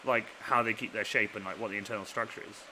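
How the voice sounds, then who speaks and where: A man hosting a casual chat, telling animated stories that trail off quietly at the end. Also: fast, slight background noise. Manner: animated storyteller, voice drops low and trails off at the ends of stories. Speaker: host.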